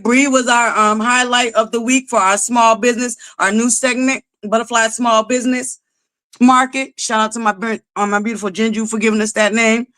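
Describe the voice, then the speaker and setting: A woman's voice: a little high, a bit bright. A woman hosting a live stream, chatty and swearing freely as she talks to her viewers. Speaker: livestream host. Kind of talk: casual live-stream chat.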